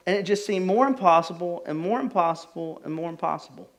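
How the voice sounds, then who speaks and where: A young adult pastor gives a casual, conversational sermon, telling personal stories in an animated way. His voice sits a little high for a man and swings widely up and down. He talks loosely, with plenty of filler words. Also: a little fast, hardly any pauses. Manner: animated storytelling, many fillers like "like".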